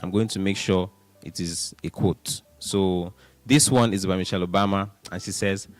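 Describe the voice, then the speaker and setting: A man hosting a radio show, talking casually and with animation, counting things out loud and laughing now and then. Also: low-pitched, a little fast, soft background music. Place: radio studio.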